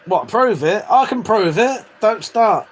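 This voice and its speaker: A man's voice: high-pitched, lively intonation, a little slow. Laughing, sweary man on a stream. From Britain. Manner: swears freely, laughs often, jokey and blunt. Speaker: livestream host reading chat. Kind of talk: casual livestream chat.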